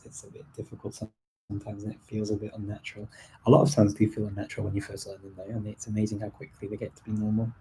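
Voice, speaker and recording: A man's voice: on the low side, dark tone, slight background noise, low-quality recording. A man hosting a live stream, answering viewer questions in a casual, chatty way with frequent ums and restarts. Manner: chatty, many ums and restarts, light laughs.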